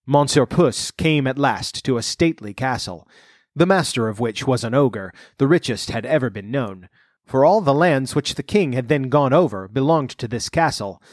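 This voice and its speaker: Man reading a storybook, wry and measured. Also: mid-range voice, animated, no room sound, clean studio sound. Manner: measured narration with wry asides.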